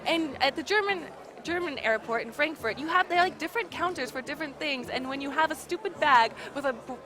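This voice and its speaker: A woman in her twenties or so, telling a frustrating travel story to camera in an exasperated, animated way, full of fillers. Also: high voice, fairly quick, background noise. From United States. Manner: exasperated, animated retelling with frequent fillers and laughs. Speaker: vlogger. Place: busy gaming convention hall. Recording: loud crowd chatter behind.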